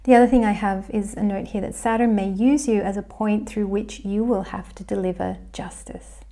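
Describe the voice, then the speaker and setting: Gravelly Australian woman chatting astrology. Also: mid-range voice, steady tone, normal speed, dark tone. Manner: chatty, thinking aloud with restarts. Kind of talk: casual astrology commentary to camera.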